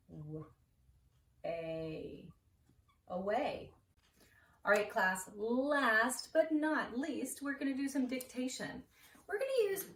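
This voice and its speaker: A woman's voice: a little high, recorded from a distance. A woman teacher walks a class through spelling words, stretching out each sound and syllable. Her voice rises and falls a lot, and she sits some way from the mic in a roomy space with a faint hiss. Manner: slow, clearly sounding out letters and syllables. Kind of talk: spelling lesson to an imagined class.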